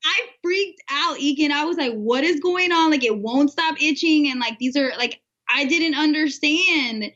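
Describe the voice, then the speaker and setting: A woman co-hosting a podcast speaks at a normal speed in a high, fairly bright voice, with the highs cut off. In a casual chat she tells a story, bashful and giggly, laughing as she talks.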